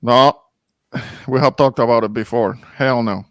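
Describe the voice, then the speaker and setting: A man's voice: mid-range voice, steady tone, a little slow, fairly bright tone, no room sound. A man hosting a casual talk show. He speaks carefully, hesitates, restarts, and urges caution. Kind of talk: casual chat.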